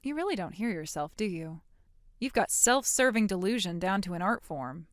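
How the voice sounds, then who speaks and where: A woman's voice: medium pitch, lively intonation, moderate pace, no room sound, studio quality, lightly acted. An actress voicing a blunt, sarcastic young woman standing up to her mother in a dramatic story. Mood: defiant. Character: defiant, sarcastic young woman cutting ties. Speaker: grown daughter in a voiced story.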